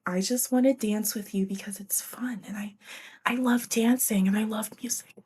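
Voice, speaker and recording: A woman's voice: medium pitch, fairly even intonation, moderate pace, husky, natural voice. A woman playing a laid-back teenage boy. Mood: coaxing. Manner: casual modern slang, soft-spoken. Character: easygoing teenage boy asking a girl to dance.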